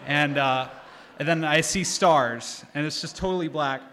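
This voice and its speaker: A man telling a comic personal story live on stage at a storytelling event, animated and getting louder as it builds. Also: a little high, measured pace. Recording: long hall reverb from a live venue.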